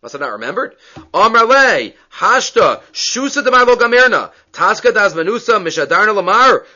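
A man's voice: sits high, big pitch swings, brisk, sharp tone. A man teaching a Talmud class, reading and translating the text and acting out the dialogue with animation. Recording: dull lo-fi recording.

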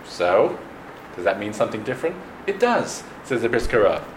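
Man teaching in a lively, singsong voice. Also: mid-range voice, slight background noise. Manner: halting restarts, lively singsong stress on Hebrew words. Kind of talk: Torah lesson on Hebrew pronunciation. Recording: echoey room with faint ambience.

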